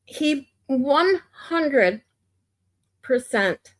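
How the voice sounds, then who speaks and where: A woman's voice: high voice, animated, drawn-out words. Blunt, ranting woman streamer. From United States. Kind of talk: opinionated casual commentary.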